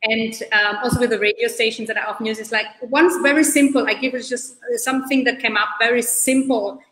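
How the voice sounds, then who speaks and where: A woman hosting a podcast interview, animated, quick to affirm her guest, often restarting her phrases. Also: a little high. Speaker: podcast host. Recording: echoey room.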